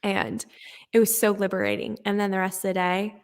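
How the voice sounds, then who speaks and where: Woman, twenties, podcast guest, animated storyteller, mid pitch. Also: brisk, smooth. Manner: animated storytelling, laughing often. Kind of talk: casual interview chat.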